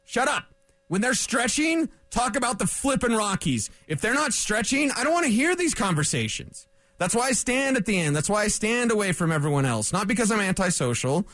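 A man hosting a solo sports radio show, ranting bluntly and mocking other reporters in quick put-on voices. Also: high voice, no room sound. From rural area. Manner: blunt, animated, mocking impressions. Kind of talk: solo sports talk rant.

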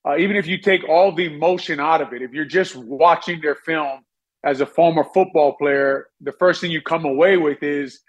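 A former football player working as a radio analyst, delivering blunt critique in a measured way. His voice is a bit high for a man, and he fills pauses with "uh".

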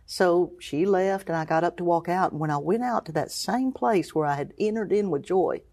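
Middle-aged woman, low-pitched voice, emotional testimony, acts out quoted voices, hushed then exclaiming. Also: moderate pace. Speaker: guest, cancer survivor.

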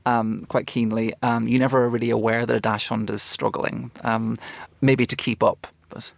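A man's voice: medium pitch, level tone, normal speed, creaky, no room sound. A man as a radio guest, laid-back, with self-deprecating humor. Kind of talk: casual radio discussion.

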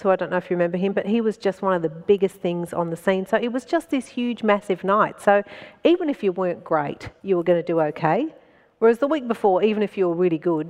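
A woman with an Australian accent, a stand-up comedian telling a story as a guest in an animated way and laughing between phrases. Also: medium pitch, in a large hall. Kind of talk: anecdotal storytelling in conversation.

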